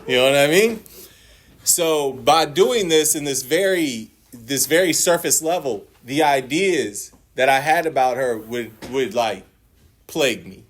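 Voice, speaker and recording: A little hiss or hum sits under a man in his forties who speaks at medium pitch, unhurried, while giving a personal share at a recovery meeting. He curses often, laughs while telling it, and voices what others said.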